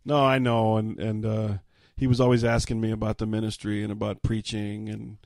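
A man in casual family conversation, speaking in a halting way with restarts. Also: on the low side, completely flat delivery, creaky, darkish tone, dry recording, clean studio sound. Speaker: pastor.

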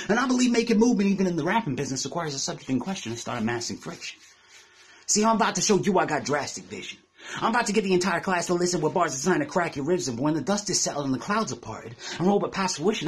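A man's voice: a little high, slightly rough. A man from England delivering a battle rap verse, taunting his opponent with aggressive insults. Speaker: battle rapper.

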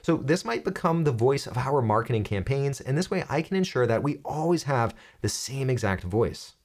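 A young man hosting a software tutorial, explaining step by step in an upbeat, joking way. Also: mid-range voice, expressive, moderate pace. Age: young adult. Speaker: tech tutorial host. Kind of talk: screen-recorded software tutorial.

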